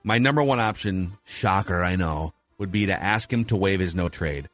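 A man's voice: sits low, normal speed, a bit bright, dry recording, faint music behind. A man hosting a casual sports talk show, laying out poll results and asking his co-host for views. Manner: analytical, runs polls and asks questions. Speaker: podcast host.

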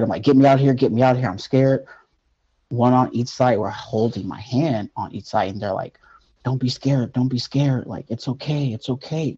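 Man recounting a personal story, halting and earnest, dark husky voice, dull lo-fi sound. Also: on the low side. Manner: earnest, halting, with many fillers. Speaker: guest telling a near-death story.

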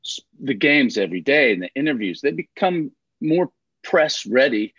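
A man co-hosting a talk show, chatting in an expressive, talkative way. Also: medium pitch, normal speed, breathy edge, no room sound, highs cut off. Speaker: podcast co-host. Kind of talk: casual chat.

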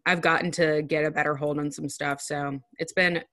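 A young woman with a Southern US accent, co-hosting a podcast in casual chat from her bedroom, playful and quick to laugh. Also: low-pitched, fairly even intonation, a bit bright, dry recording, clean studio sound. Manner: laughs often, playful and chatty. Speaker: podcast co-host.

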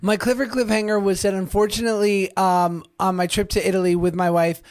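A man's voice: sits high, little pitch movement, brisk, clear, resonant tone. A man in his thirties co-hosting a podcast, joking and teasing through casual banter, with a slight lisp. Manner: joking, teasing, laughs often. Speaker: podcast co-host.

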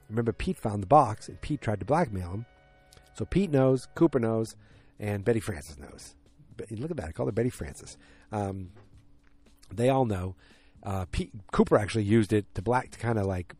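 A man with a lowish, mellow voice talks through a TV episode recap in a loose, casual way. He rambles, restarts sentences and leans on fillers, then picks up speed when the story gets tense. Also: husky, dry recording. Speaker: TV show recapper.

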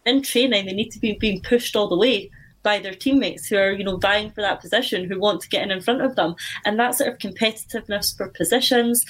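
Woman panellist, casual discussion, measured and reflective. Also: mid-range voice, fairly bright tone. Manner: thoughtful, hedging with "you know". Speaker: podcast panellist.

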